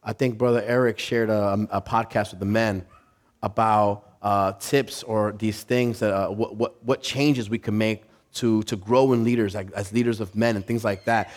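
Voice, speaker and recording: A man's voice: on the low side, normal speed. A man preaching a sermon in a church service. He tells stories with energy and often restarts his sentences. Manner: animated storytelling with frequent restarts. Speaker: pastor.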